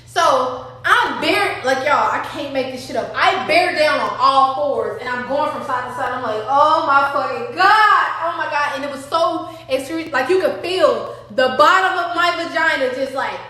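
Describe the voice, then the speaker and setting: High, bright woman in an echoey room. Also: moderate pace. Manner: profane, dramatic, talks straight to the audience. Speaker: storytime vlogger. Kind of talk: personal storytime.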